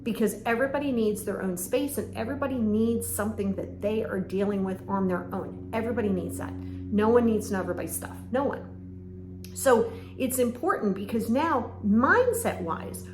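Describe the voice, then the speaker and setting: A woman's voice: fairly high pitch, expressive, fairly quick. A woman hosting a podcast as a coach, talking directly and emphatically and acting out bits of dialogue. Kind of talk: motivational monologue. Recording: echoey room with faint ambient noise. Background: faint ambience, lawnmower outside.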